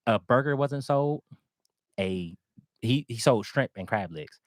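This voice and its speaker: A man's voice: medium pitch, measured pace, no echo, clean studio sound. A man casually telling a long anecdote as a guest, acting out the voices of the people in it. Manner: animated, acts out quoted voices. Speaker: guest storyteller.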